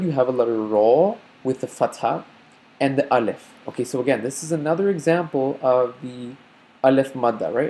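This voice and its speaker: A man teaching beginners to read over slides in a recorded online lecture, explaining step by step, sounding out letters slowly and often checking in with "okay?". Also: mid-range voice, dark tone. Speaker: Arabic reading teacher.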